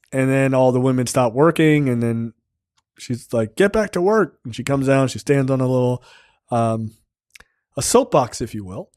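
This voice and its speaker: A man's voice: medium pitch, clear, resonant tone, no echo, studio quality. A man hosting a film review podcast, retelling scenes casually with lots of swearing. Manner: profane, animated scene-by-scene retelling. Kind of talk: casual chat.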